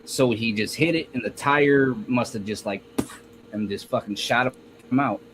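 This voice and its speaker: A man, a guest rapper, telling a story in a casual interview, halting with many restarts. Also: mid-range voice, noisy background.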